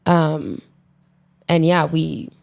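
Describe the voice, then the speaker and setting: A woman's voice: low-pitched, steady tone, drawn-out words, creaky, a little mellow. A woman as a podcast guest in casual conversation, telling her story in a heartfelt way.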